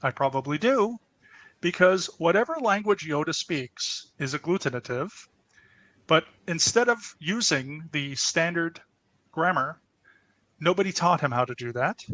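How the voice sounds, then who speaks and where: Slow, bright-voiced man explaining grammar. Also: on the high side, lively intonation, dry recording, rough recording. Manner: patient, step-by-step explaining. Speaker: language presenter. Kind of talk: explanatory language lesson.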